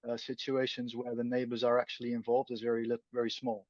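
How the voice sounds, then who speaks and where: A man's voice: mid-range voice, monotone, fast, dry recording. A man with a Dutch accent, a native Dutch speaker, answering interview questions thoughtfully and searching for his words. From Netherlands. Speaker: guest. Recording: dull lo-fi dry sound.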